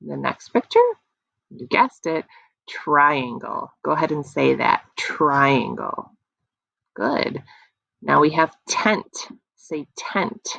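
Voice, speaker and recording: Slow, sing-song teacher woman, slightly gravelly. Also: low voice, bright, forceful tone, no echo. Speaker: kindergarten teacher. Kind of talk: online phonics lesson for young children. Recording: dry, dull lo-fi computer audio.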